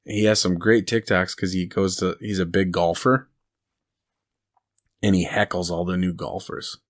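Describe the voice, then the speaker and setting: Low-voiced laid-back podcast guy. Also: steady tone, moderate pace. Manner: rambling, laughs at his own stories. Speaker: podcast co-host. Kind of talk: casual chat.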